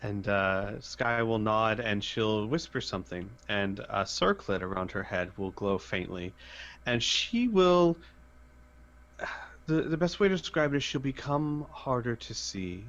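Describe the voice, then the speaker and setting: A man's voice: mid-range voice, a bit bright. A man running a tabletop game as game master, narrating in a hesitant way with many fillers. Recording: dull lo-fi voice chat.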